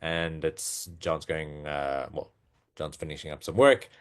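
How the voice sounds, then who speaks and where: A man presenting a live trading webinar in a chatty, informal way, animated and prone to sudden excited exclamations. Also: extremely low pitch, a little slow, clear, resonant tone. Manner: chatty and informal, often asking "all right?".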